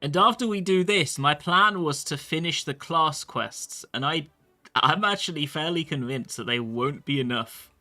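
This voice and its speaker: A man streams a game, chatting casually and answering chat as he plays. His voice is bright and forward, and faint music runs underneath. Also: mid-range voice. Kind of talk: live-stream gameplay commentary.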